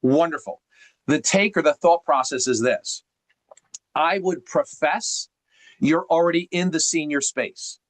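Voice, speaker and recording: A man's voice: on the high side, a little slow, no room sound. A man coaching someone on a video call, emphatic and teacherly, asking rhetorical questions as he explains.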